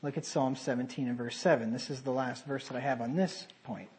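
A man preaching a sermon, animated, with sarcastic asides and sudden drops to a quieter voice. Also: medium pitch, brisk, low-quality recording.

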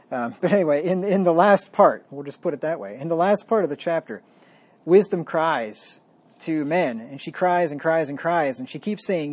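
A man delivers a sermon in a slightly high voice. He reads the verses loudly and with force, then drops to quiet, folksy asides. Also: slightly rough. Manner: folksy, self-deprecating asides. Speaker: preacher. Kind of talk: sermon with scripture reading.

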